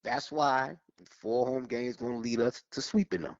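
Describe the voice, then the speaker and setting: A man's voice: mid-range voice, moderate pace, creaky, no echo. A man calling into a sports show by phone, heated and emphatic, repeating his points. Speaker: caller. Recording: dull phone line.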